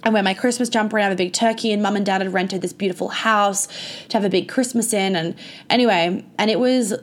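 A woman's voice: medium pitch, fairly even intonation, fast talker. A young woman telling a personal story to her viewers in a casual, chatty way, full of "like" and frequent swearing. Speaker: vlogger.

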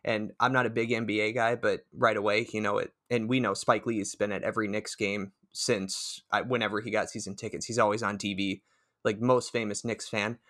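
Male co-host, lowish voice, eager casual chat about film details. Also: flat delivery, fairly quick, fairly bright tone. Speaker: podcast co-host. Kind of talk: casual movie discussion.

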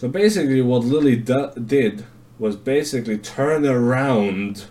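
Slow-talking man ranting on a podcast. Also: medium pitch, lively intonation, dark tone. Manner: rambling, profane, lots of fillers. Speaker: podcast host. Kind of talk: casual monologue.

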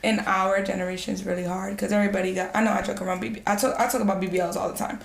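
A young woman chatting casually, telling stories in a raw, blunt, animated way. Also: medium pitch, racing, gravelly. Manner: blunt, raw, animated storytelling with bursts of laughter. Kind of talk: casual chat. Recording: echoey room.

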